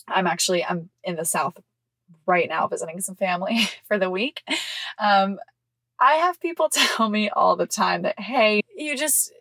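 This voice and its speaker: A woman hosting a podcast, telling a personal story in casual chat, frank and expressive, swearing freely and laughing often. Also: on the low side, normal speed, creaky, no room sound. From California. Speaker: podcast host. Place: visiting family in the South.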